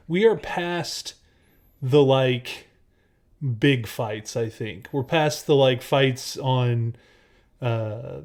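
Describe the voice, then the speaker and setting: A man's voice: mid-range voice, slow pace, a little mellow. A man co-hosting a casual podcast, telling a story in a rambling way with lots of fillers and restarts. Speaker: podcast co-host.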